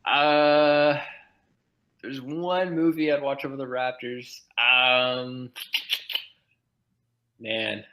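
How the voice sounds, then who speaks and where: A man's voice: mid-range voice, fairly even intonation, extremely slow, pauses often, dull audio. A man talking as a guest on a casual podcast, rambling with plenty of fillers. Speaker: podcast guest, team blogger.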